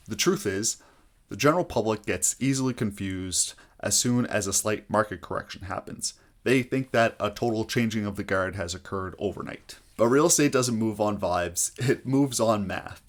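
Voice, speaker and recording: A man with a somewhat low voice teaches housing market math to his viewers. He breaks it down step by step in a clear, explaining tone. He often pauses on "uh" as he goes. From Canada. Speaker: real estate agent explaining market math. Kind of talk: explainer video to camera.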